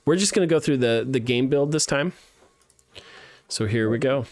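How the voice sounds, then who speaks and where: A man with a mid-range, slightly mellow voice streams a live playtest of student games, speaking at normal speed in a dry recording. He thinks aloud while giving feedback, with lots of fillers and restarts.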